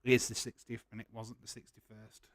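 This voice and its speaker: A man's voice: fairly low pitch, completely flat delivery, a little fast, fairly bright tone, dry recording. A man hosting a casual live watch-along, chatting loosely and laughing often. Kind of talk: casual live-stream chat.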